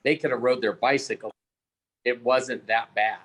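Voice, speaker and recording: A man's voice: mid-range voice, fairly even intonation, moderate pace, fairly bright tone. A man on a video call, chatting in an easygoing way. He talks plainly about his day and pokes fun at himself. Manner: easygoing, self-deprecating. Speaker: teacher. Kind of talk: casual video-call chat.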